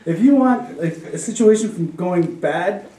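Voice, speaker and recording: This young Chicagoan has a high, mellow voice with lively intonation, and he talks a little slowly. He laughs his way through a rambling, foul-mouthed story at a live story slam, captured from far off in a roomy venue full of listeners.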